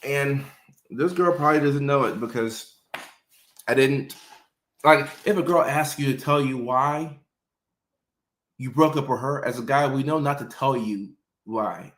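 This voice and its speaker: A male doctor and show host telling casual personal stories, animated, slipping into playful voices for quotes. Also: medium pitch. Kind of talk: casual storytelling. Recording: roomy echo.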